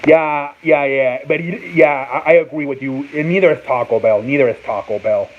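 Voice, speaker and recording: On a casual live-stream sports talk show, a male host rambles, curses, and repeatedly sounds out words at a moderate pace in a mid-range voice. The sound is thin and phone-like, carrying a faint hiss.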